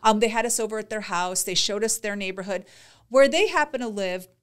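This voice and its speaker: A woman's voice: medium pitch, brisk, clear, resonant tone. A woman co-hosting a podcast, chatting casually and retelling conversations with lots of "like" and quoted dialogue. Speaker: podcast co-host. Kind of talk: casual chat, storytelling.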